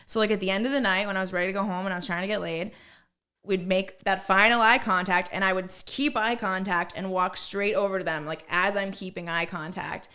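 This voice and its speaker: A young woman chatting casually as a podcast guest. She talks bluntly and swears freely, piling filler words into her stories. Her voice sits at an ordinary, middle pitch for a woman. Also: fairly even intonation, fairly quick, sharp tone. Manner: blunt, profane storytelling with many fillers. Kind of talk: casual chat.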